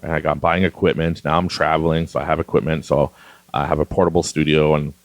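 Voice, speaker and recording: A man's voice: a bass voice, flat delivery, quick pace, no echo. A middle-aged man from Canada hosting a podcast, rambling casually and laughing often as he talks. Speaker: podcast host. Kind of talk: casual monologue.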